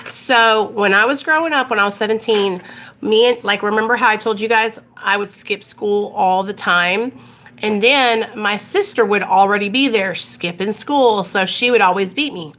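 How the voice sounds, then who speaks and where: In her twenties, this vlogger tells loose, candid stories to camera at home, laughing often and filling her speech with "like." Her mid-range voice is a bit bright at a moderate pace, and she coughs now and then.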